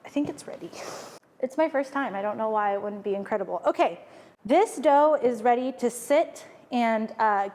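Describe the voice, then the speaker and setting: A woman's voice: on the high side, a little mellow, in a large hall. A woman chatting playfully while she cooks, joking and rambling through asides. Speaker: home cook vlogger. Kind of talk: casual cooking vlog chat.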